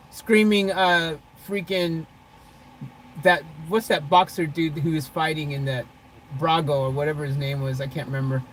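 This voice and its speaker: A woman's voice: mid-range voice, poor audio. A woman vlogging live from her car, chatting loosely with viewers by name, laughing often and rambling. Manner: loose, rambling, says "freaking" a lot. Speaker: vlogger reading live chat. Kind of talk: casual live-stream chat. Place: parked car.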